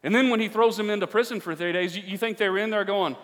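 Man preaching a sermon, high voice, long reverberant hall, emphatic. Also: fast talker. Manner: emphatic, rising to near-shouting at key points. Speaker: pastor. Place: church sanctuary with an audience.

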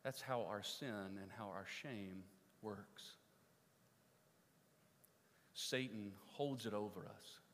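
A man's voice: on the low side, fairly bright tone, a little hiss or hum. A man preaching a sermon, telling a story with energy and asking the congregation questions. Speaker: pastor. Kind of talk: sermon with story and closing prayer. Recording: long reverb of a large hall.

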